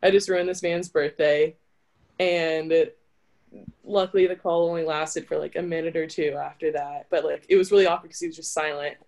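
A woman's voice: deep voice, fairly even intonation, normal speed, a little mellow. A young adult woman, an interview guest and college volleyball player, telling her story in a chatty, casual way that is full of "like". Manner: chatty, with frequent filler "like".

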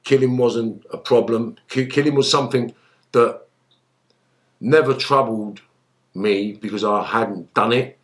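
A middle-aged man talks through his past in a sit-down interview. His voice sits in an ordinary middle pitch. He swears often and tells his stories with rough, animated energy. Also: a little slow. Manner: animated storytelling, acts out voices loudly, swears. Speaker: interview guest, former gangster. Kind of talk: storytelling interview.

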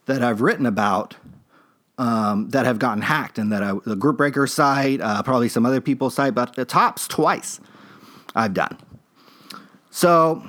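A man's voice: a little high, fairly bright tone. A man hosting a podcast, telling a story in a rambling, laid-back way with many fillers and restarts. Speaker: podcast host. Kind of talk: casual storytelling monologue.

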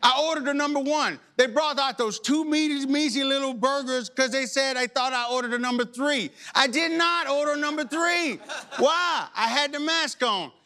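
A male pastor preaching a sermon in an animated, humorous and exhorting way. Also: extremely high pitch, moderate pace.

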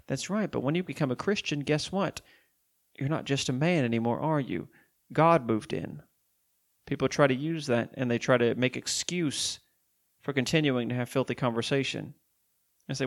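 A man preaching a sermon, reading Bible verses aloud slowly and explaining them emphatically. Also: medium pitch, vocal fry.

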